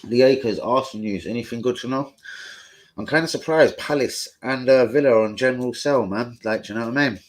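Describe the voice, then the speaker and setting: A man's voice: mid-range voice, brisk. Slangy, profane young man streaming live. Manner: profane, combative banter with chat trolls, slangy. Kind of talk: casual live-stream chat.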